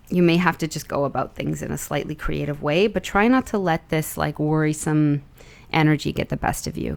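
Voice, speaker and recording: A woman's voice: sits low, gravelly, a little mellow. A young adult woman giving a casual, chatty tarot reading, upbeat and rambling with plenty of fillers. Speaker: tarot reader.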